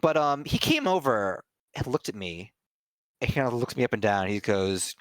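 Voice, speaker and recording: Man streamer, lively storytelling, dry close mic, laughs a lot. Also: medium pitch, moderate pace, dry recording. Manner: animated, laughing storyteller with many restarts. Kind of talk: casual storytelling chat.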